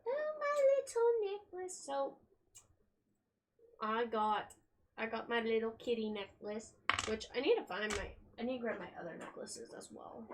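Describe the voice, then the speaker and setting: A woman's voice: fairly high pitch, moderate pace. Rambling young woman streamer. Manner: rambling, chatty, swears casually. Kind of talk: casual live-stream chat. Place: at home, packing. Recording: steady background noise.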